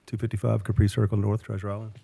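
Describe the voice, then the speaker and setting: A man's voice: fairly low pitch, completely flat delivery, very fast, gravelly, mellow, breathy edge. A man speaking as an applicant at a city council meeting, brief and hesitant with fillers.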